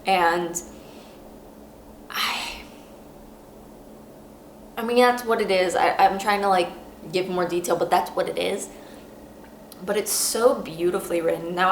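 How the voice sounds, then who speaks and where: A woman talks through a book review with deep, heartfelt earnestness, circling back with halting restarts as she searches for words. Her voice sits a little low. The recording is roomy with an echo and a faint hum behind it. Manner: rambling, halting, many restarts; earnest and emotional. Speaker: podcast host. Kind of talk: casual book review monologue.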